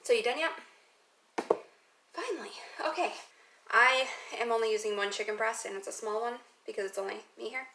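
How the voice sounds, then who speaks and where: Speaking briskly with frequent pauses, this young woman has a sharp, rather high voice. She's a cooking vlogger rambling casually through a recipe at home, teasing herself along the way, and the kitchen recording is noisy.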